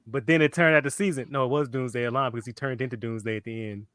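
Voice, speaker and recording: A man's voice: medium pitch, fairly even intonation, fast, fairly bright tone, dry recording, studio quality. A man co-hosting a casual comic-book podcast, cutting in with emphatic corrections and jokes. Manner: emphatic interjections, correcting and riffing. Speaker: podcast co-host. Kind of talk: casual chat.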